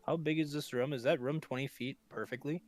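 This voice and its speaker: A man in a casual tabletop game session, blunt and freely profane as he jokes and states his moves. His voice sits at an ordinary middle pitch. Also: steady tone, brisk, darkish tone, faint music behind. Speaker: player.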